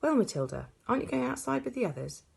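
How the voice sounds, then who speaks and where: A woman voicing a kind young schoolteacher who speaks gently and patiently in a storybook reading. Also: fairly high pitch, big pitch swings, fast talker, vocal fry, breathy edge, pitched above the performer's own voice, full character voice. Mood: gentle.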